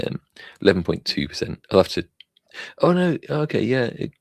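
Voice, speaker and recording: A man giving casual, rambling commentary on crypto charts, halting with many fillers as he thinks aloud while clicking around. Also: mid-range voice, sing-song, gravelly, a little mellow, no room sound.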